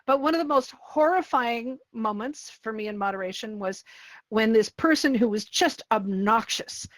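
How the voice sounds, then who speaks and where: A woman hosting a casual panel chat, telling lively stories and acting out what people said. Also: on the high side, normal speed, no echo, rough recording. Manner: animated storyteller, acts out quotes. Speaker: host and VR community moderator.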